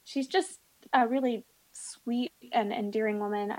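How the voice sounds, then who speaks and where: Woman, 30s, interview guest, blunt, darkly humorous, acts out quotes, a bit high-pitched. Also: steady tone, a little slow, rough recording. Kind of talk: candid personal storytelling.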